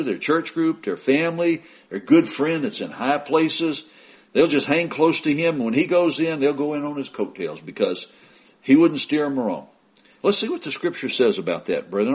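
A man preaching a sermon, emphatic, swinging from loud raised stresses to quiet asides, reading scripture in slow weighty bursts. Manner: emphatic, rising to stress key words and dropping low for asides.

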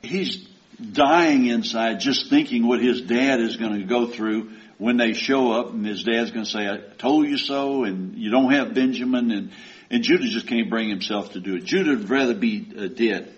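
Male preacher, folksy sermon storytelling, conversational, medium pitch, dull lo-fi recording. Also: moderate pace.

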